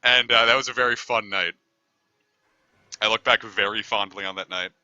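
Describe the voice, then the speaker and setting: A man's voice: lowish voice, fairly even intonation, moderate pace, sharp tone, no room sound, dull audio. A man streaming a game, telling a long story in a rambling, easygoing way and swearing casually. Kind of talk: casual storytelling over gameplay.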